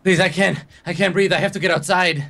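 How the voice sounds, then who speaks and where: A desperate, withdrawn addict stammers and pleads in a raised, strained voice, as a man puts him on. His words break apart and climb into shouts. The scene comes from a tabletop role-playing game. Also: fairly high pitch, animated, moderate pace, voice pushed up. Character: panicked, withdrawn male addict in crisis.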